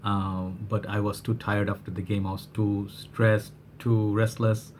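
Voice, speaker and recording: Bangladeshi guy doing a perfume review vlog, lowish voice a bit worn, lots of uh's, faint room noise. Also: level tone, a little slow, a little mellow. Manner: chatty, rambling, many fillers and restarts. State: slightly worn voice. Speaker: fragrance reviewer. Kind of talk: casual product review vlog.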